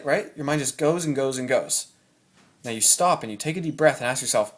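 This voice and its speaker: A man's voice: medium pitch, brisk. A man talking casually and animatedly to camera about choosing your thoughts, at home. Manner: animated, acts out anxious inner thoughts. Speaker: self-help vlogger. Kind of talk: casual motivational talk to camera. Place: room at home.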